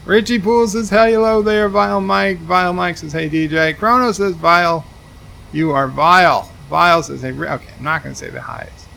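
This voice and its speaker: A man's voice: high voice, steady tone, normal speed, gravelly, bright, forceful tone, slight background noise. A man streaming a game, reading chat messages aloud and answering them with dry asides. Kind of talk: casual livestream commentary.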